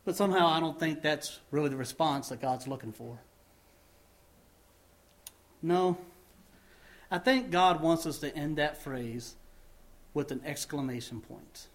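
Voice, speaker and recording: A man preaching a sermon to his church and leading a closing prayer, asking the congregation questions and pushing words up before letting phrase ends fall soft and low. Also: unhurried, pauses often. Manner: rising emphasis then dropping low at phrase ends; asks the congregation many questions. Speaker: pastor.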